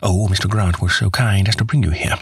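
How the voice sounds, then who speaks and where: Brief: male narrator doing a cool analytical detective, deep and husky, calm and teasing. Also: fairly quick, dry recording, heavily acted. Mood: dry composure. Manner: calm, clinical, faintly teasing.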